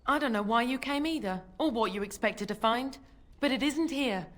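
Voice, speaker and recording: A woman's voice: a little high, moderate pace, fairly bright tone, lightly acted. An actress playing a bitter, hard-up mother of five in a video game, cold and contemptuous. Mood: scornful.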